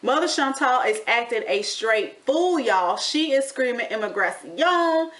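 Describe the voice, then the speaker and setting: A woman giving a casual, sassy recap of a reality TV show, chatty and animated, with slang like honey and y'all. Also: on the high side, unhurried. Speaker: TV recap vlogger.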